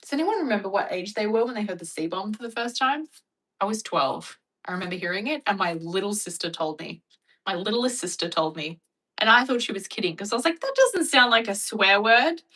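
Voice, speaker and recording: Bright, chatty woman. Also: medium pitch, a little fast, recorded from a distance, rough recording. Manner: chatty, laughing, animated storytelling. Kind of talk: casual chat.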